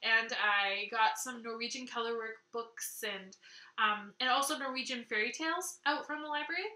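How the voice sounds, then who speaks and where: A woman from Canada hosting a knitting video podcast, chatting excitedly to camera and gushing over gifts she received. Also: a little high, normal speed, echoey room. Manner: excitable, gushing, laughs often. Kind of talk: casual chat to camera.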